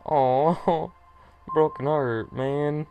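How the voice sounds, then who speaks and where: A man giving casual reaction commentary on an animated short, emotional and gushing, laughing often. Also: fairly high pitch, drawn-out words, lo-fi sound, soft background music.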